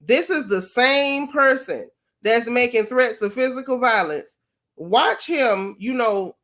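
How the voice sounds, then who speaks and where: A woman's voice: a little high, animated, takes it slowly, fairly bright tone. Sarcastic woman hosting a gossip vlog. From Florida. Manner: sarcastic, mocking, chatty. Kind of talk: casual gossip commentary.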